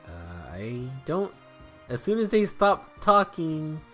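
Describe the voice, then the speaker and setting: Lively, rambling man at play. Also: fairly high pitch, slow, soft background music. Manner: rambling, joking, laughs often, swears. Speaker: let's play host. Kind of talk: casual gaming commentary.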